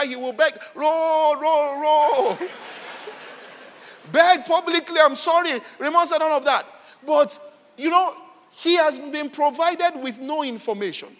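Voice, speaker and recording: Male pastor, sermon, very high bright voice, animated, long hall reverb. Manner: animated, repeats "all right" and "are you following".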